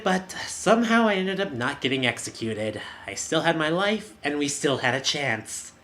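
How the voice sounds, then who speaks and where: A woman's voice: sits low, very animated, normal speed, a bit bright. A woman hosting a let's play, reading game dialogue aloud in a playful, punning way.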